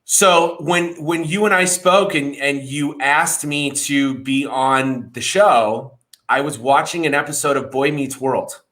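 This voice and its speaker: A man guesting on a comedy podcast, telling stories in a lively, casual way and swearing freely. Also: fairly high pitch, slow pace.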